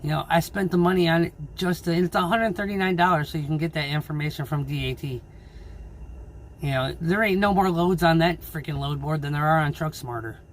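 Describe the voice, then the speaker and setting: A man who drives his own truck, ranting angrily and swearing in a casual vlog about low freight rates. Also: brisk, slight background noise. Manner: angry, swearing, frustrated. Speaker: owner-operator truck driver.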